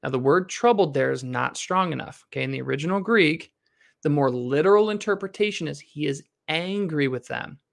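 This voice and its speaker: A man with a slightly higher voice and a gravelly edge reads a Bible passage and then teaches on it. He reads steadily and explains with rising questions for his class. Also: animated, fairly quick. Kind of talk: scripture reading and teaching.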